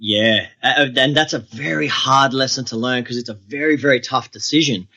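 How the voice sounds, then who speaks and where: A man, a guest on an interview podcast, telling adventure stories in a relaxed, steady way. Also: medium pitch, normal speed.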